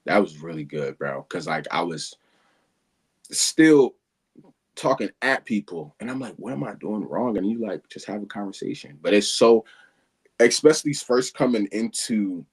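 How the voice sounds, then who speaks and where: A man's voice: fairly low pitch, lively intonation, moderate pace, slightly rough. A man in a casual conversation, earnest and agreeable, reflecting on his own habits. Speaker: guest being coached.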